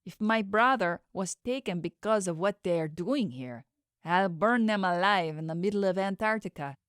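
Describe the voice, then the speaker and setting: A woman reads a secretive young woman who soothes her friend but can turn quietly menacing. It is an audiobook voice at a middling pitch, set in a dry, close recording. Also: normal speed, clear, resonant tone, no echo, natural voice. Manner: soothing, then coldly threatening. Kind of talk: audiobook character voice.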